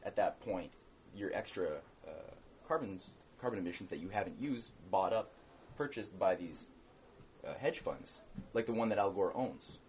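Male co-host, lowish voice, rambling delivery full of restarts, faint background hiss. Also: expressive, moderate pace, a little mellow. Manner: rambling, hesitant, with many restarts. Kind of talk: casual political chat.

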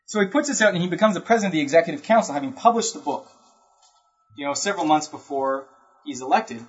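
A man's voice: fairly high pitch, animated, fast talker. A man giving an informal history lecture, talking conversationally, often checking in with the listener and acting out historical speakers in brief asides. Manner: conversational, keeps checking in with "right?". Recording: dull lo-fi recording.

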